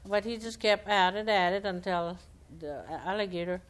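A woman's voice: medium pitch, fairly even intonation, normal speed. A woman telling animal folktales aloud in a homespun, conversational way, acting out the characters' lines. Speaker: storyteller.

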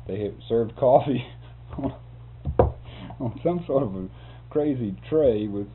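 A man's voice: mid-range voice, slow. An older man, a photographer, telling a rambling, chuckling story in an interview. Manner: chuckling, folksy, animated. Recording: tinny lo-fi tape with hum.

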